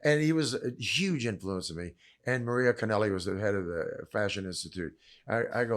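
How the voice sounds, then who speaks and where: An older man, a podcast guest, telling stories in animated conversation, acting out quotes with sudden loud bursts and dropping low for asides. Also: brisk. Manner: acts out quotes with big swings in pitch and loudness; drops low and quiet for asides. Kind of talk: animated storytelling chat.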